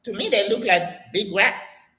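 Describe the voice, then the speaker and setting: An older American woman hosting a live question-and-answer stream, reading viewer comments aloud and telling stories in a chatty, animated way. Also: mid-range voice, measured pace. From United States. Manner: chatty, animated storytelling with exclamations and laughter. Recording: echoey room sound.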